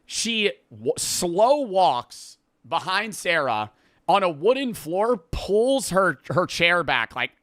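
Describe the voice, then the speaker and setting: Man, casual rambling movie recap, profane storyteller; forceful, crisp, fairly high voice. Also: sing-song, slow, no echo, clean studio sound. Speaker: podcast host.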